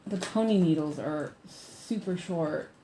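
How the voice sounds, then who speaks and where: A woman talks through her stitching in a casual, unhurried way. Her voice sits fairly low and her pace is very slow. She mutters half-sentences to herself and laughs at her slips. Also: warm tone, a little hiss or hum. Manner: chatty, mumbling to herself while working, laughs often. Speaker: cross-stitch crafter. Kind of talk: casual stitch-along chat.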